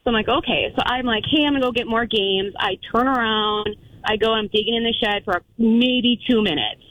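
A woman's voice: fairly high pitch, a little fast, fairly bright tone, dry recording, highs cut off. A woman calling into a radio show, animatedly telling a personal story and acting out what she and others said. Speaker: caller.

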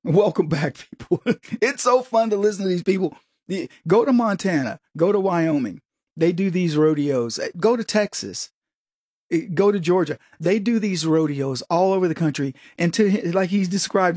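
Recorded dry and close with no room sound, this political commentary show is hosted by a middle-aged man from the United States. His husky, fairly high voice moves at a normal pace, animated and frequently rising into excited quoted voices.

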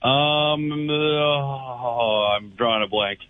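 Excitable caller on a dull phone line. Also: male voice, medium pitch, drawn-out words, dry recording. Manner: excitable, enthusiastic. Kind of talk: phone-in chat.

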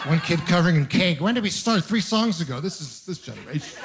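Young guy doing standup, kinda high voice, rambly self-deprecating storytelling. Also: expressive, fast, noisy background. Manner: wry, rambling storytelling with self-mocking asides. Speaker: stand-up comedian. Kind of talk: stand-up comedy set. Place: live comedy venue with audience laughter.

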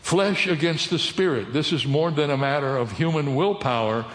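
A man's voice: fairly high pitch, moderate pace, a bit bright. Man preaching in an echoey hall. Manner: teaching, asks the congregation questions. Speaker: pastor. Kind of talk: sermon. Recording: echoey hall with long reverb.

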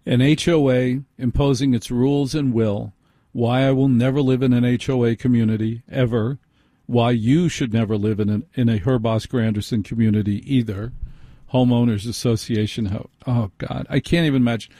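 A man's voice: medium pitch, fairly even intonation, moderate pace, mellow, no echo, clean studio sound. A man hosting a radio talk show, rambling wryly and stumbling over names in a casual monologue.

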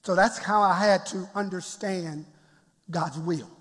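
A man's voice: sits high, fairly even intonation, unhurried, fairly bright tone, husky, big-room sound. A man preaching a sermon as pastor in a church, laughing often and calling out to the congregation.

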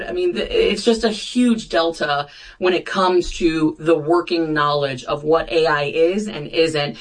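A woman guest on a political talk show, a congresswoman speaking bluntly with sarcastic jabs. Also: deep voice.

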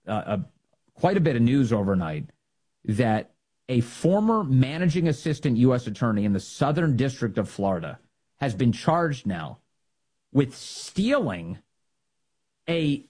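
A man from the United States hosting a political talk show, delivering opinionated commentary in a mocking, scornful, emphatic way that leaps high in pitch. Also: darkish tone, husky.

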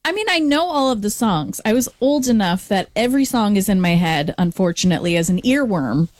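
A woman's voice: mid-range voice, lively intonation, a little fast, a little mellow, no room sound. A woman co-hosting a talk show, chatting casually and reflectively, laughing easily. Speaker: co-host.

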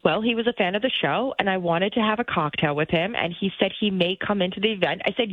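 A woman's voice: mid-range voice, fast talker, hardly any pauses, no echo. Giggly woman on a tinny line. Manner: giggly, self-mocking storyteller. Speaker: show producer. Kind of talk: casual banter on a talk show.

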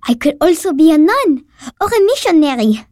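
Woman playing an impulsive, devout little girl of nine, high and bright. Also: dry recording, clean studio sound. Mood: pleading. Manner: bright, excitable, quick to tears. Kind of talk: audio drama acting.

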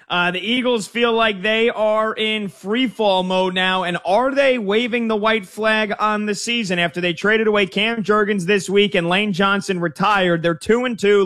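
A man's voice: sits high, bright, forceful tone. A man hosting a sports radio show, taking calls and previewing games in an upbeat, casual way. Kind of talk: energetic sports radio talk.

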